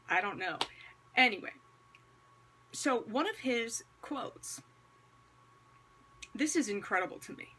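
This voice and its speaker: Husky woman with wry vlog commentary. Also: fairly high pitch, bright, forceful tone. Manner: wry and conversational, with rhetorical questions and sarcastic asides. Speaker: vlogger. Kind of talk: casual commentary with a religious message.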